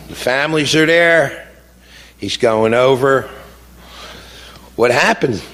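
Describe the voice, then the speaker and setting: A middle-aged man speaking as a grieving father in an impassioned speech, halting with fillers at times and indignant at others. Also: on the high side, bright, forceful tone. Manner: indignant, rising to heated outbursts. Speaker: grieving father giving a talk.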